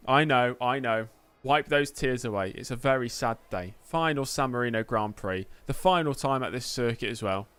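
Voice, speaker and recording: A man's voice: medium pitch, normal speed, a bit bright, clean tone. A man streaming live gameplay of a racing game, chatting and joking as he answers messages from his chat.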